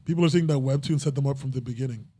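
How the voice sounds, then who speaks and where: A man's voice: medium pitch, racing, dark tone, dry recording. A young man hosting a casual podcast chat, rambling and breaking off mid-sentence, often laughing at himself. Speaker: podcast host.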